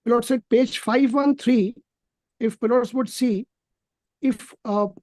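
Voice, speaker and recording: A woman with an Indian English accent arguing as an advocate in court, deferential and halting, repeating "my lords" again and again. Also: a little high, fairly even intonation, a little mellow, dry recording. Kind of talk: courtroom argument. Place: courtroom, on a video hearing feed.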